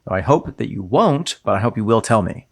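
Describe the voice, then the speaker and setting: Lively-pitched man trading podcast wisecracks. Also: a little fast. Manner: dry, playful wisecracks. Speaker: podcast co-host. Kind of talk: casual chat.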